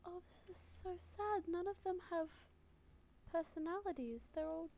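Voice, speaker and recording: A young woman giving live gameplay commentary as a streamer, excitable, swearing freely and exclaiming at what she sees. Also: very high-pitched, slight background noise. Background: game music.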